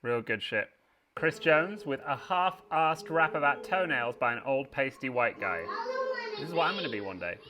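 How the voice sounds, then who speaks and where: Lively, bright-voiced man hosting reactions. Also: medium pitch, moderate pace. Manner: animated, swearing, excitable outbursts. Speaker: host reacting to fan rap entries. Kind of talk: casual reaction commentary.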